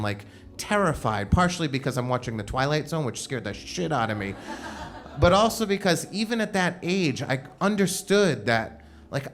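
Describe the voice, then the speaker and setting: A man telling a personal story on stage at a live show, casual and comic, with frequent "like" fillers. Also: mid-range voice. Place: live show at a club venue.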